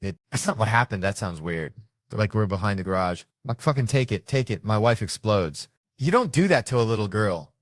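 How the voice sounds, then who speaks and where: A man's voice: lowish voice, lively intonation, fairly quick, no room sound, clean studio sound. A middle-aged man telling crude parenting stories in a stand-up routine, acting out his kids' lines. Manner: brash, profane storytelling with acted-out quotes. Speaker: stand-up comedian.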